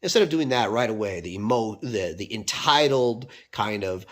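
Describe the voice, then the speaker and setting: A man's voice: lowish voice, animated, normal speed, hardly any pauses, fairly bright tone. A man from Canada, a dog trainer, talking casually to camera, with a rambling manner and frequent fillers and restarts.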